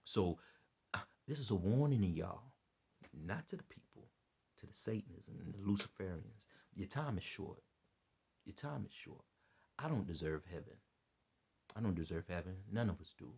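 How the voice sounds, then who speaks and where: Tired, gravelly low-voiced man preaching. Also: lively intonation, moderate pace, long pauses, a little mellow. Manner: repeats himself, loose and earnest. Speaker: vlogger giving religious commentary. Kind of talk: rambling preachy monologue to camera.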